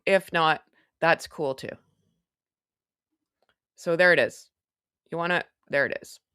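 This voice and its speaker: A Canadian woman hosts a casual celebrity gossip livestream, chatting sarcastically with her viewers. Her voice is fairly low and sharp-toned, captured in studio quality with no room sound.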